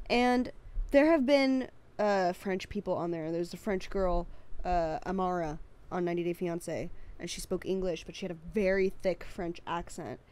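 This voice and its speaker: A woman's voice: fairly low pitch, darkish tone. Opinionated woman co-host chatting. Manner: opinionated, playful, quick asides. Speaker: co-host reviewing a game. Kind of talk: casual chat.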